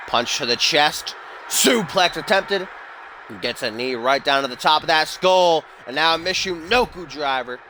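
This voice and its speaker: A young man doing casual, excitable play-by-play commentary for a wrestling video game, shouting on the close calls. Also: fairly high pitch, noisy background. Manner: excitable, rises to near-shouting on near-falls; casual asides and swearing between calls.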